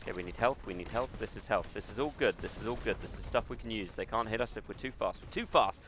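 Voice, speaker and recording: A man's voice: on the low side, fast talker, noisy background. A man streaming a shooter game live, talking himself through each fight and mocking his own failures with plenty of swearing. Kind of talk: live gameplay commentary.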